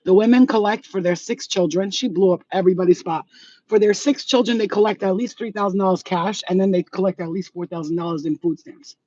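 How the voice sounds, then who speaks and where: A woman's voice: fairly low pitch, steady tone, fast, warm tone, dry recording, muffled recording. A woman who works as a psychic medium, walking her neighborhood and ranting bluntly with plenty of swearing into a handheld phone. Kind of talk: ranting vlog. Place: outdoors in a residential neighborhood.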